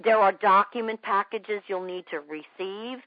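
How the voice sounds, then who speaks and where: A woman's voice: mid-range voice, fairly even intonation, moderate pace, dry recording. A woman sales trainer coaching a trainee on a call. She repeats her points again and again, plays both caller and customer, and keeps checking whether it makes sense. Her voice comes through a dry, muffled line. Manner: repeats herself, acts out both sides of calls, keeps asking if it makes sense.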